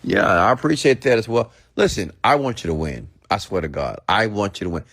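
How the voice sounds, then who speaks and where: Deep-voiced man in a casual rant. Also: animated, a little fast, fairly bright tone, dry recording, clean studio sound. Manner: casual, repetitive, peppered with "okay?" and "get it?". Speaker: online marketing host. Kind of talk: unscripted livestream rant.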